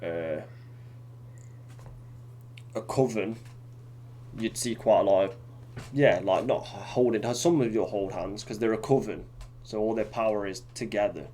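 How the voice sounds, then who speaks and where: Low-voiced man, rambling chat. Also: measured pace, long pauses, dark tone, slight background noise. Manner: rambling, many fillers and restarts. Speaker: podcast co-host. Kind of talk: casual chat.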